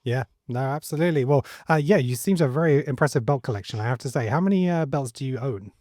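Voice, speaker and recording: A middle-aged man hosts a podcast in a friendly, easygoing manner, often laughing with his guests. The sound is dry and close, with an average pitch. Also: fast, mellow, no room sound. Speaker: podcast host. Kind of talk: casual chat.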